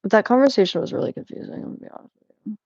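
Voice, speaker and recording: A young woman rambles as she tidies, chatty and quick to cut herself off with a laugh. The sound is dry and a little muffled, like a home setup with a modest mic. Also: medium pitch, very animated, creaky, darkish tone, dry recording. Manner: rambling, chatty, self-interrupting, laughs often. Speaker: vlogger. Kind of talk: casual chat while cleaning.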